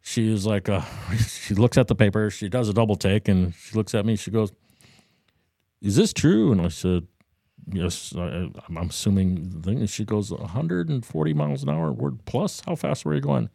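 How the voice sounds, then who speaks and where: A deep, mellow-voiced man spins a casual story on a podcast, jumping up in pitch whenever he acts out someone else's words. The recording is dry and close, with no room around him. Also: normal speed, vocal fry, dry recording. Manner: animated, acts out quotes with a higher voice. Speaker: podcast co-host. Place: Daytona Beach, Florida.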